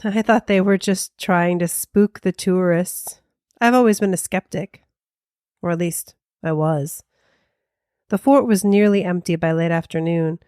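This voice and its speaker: A woman co-hosting a paranormal podcast, telling a ghost story in a slow, hushed, dramatic way. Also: lowish voice, fairly even intonation, smooth, no echo, studio quality.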